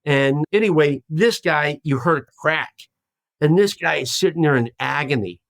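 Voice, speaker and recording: A man in his sixties, a podcast guest telling a long story in a lively way and acting out the voices of the people in it. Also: on the high side, moderate pace, vocal fry, dry recording. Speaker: guest, former hostage.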